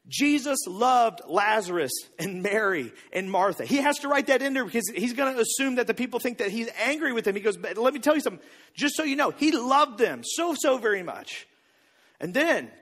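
A man preaching a sermon, telling a story with lively acted-out voices and frequent repeated words. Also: sits high, husky, big-room sound. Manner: animated storytelling, acts out disciples' lines, repeats words. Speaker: pastor.

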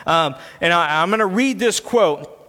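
A man's voice: high-pitched, expressive, measured pace, pushed and bright. A man preaching a sermon as pastor in a church sanctuary, earnest and building into impassioned delivery. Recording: long church reverb.

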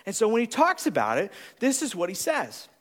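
A man preaching a sermon, animated, acting out different personality types in quick voices. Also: high-pitched, big-room sound. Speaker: pastor.

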